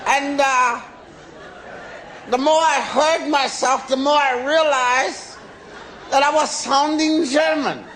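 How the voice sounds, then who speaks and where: An American man in his forties doing stand-up, telling a long story in a drawn-out, animated way and shouting the punchlines. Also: very high voice, crowd noise, poor audio. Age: 40s. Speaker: stand-up comedian. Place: comedy stage before a live audience. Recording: live stand-up with loud audience laughter and noise.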